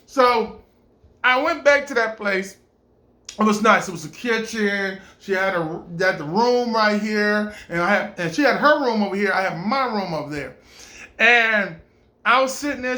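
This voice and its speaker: Animated man telling a story, echoey. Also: high-pitched, moderate pace. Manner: animated, stammering, rising into shouts. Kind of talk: casual comic storytelling. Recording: roomy echo.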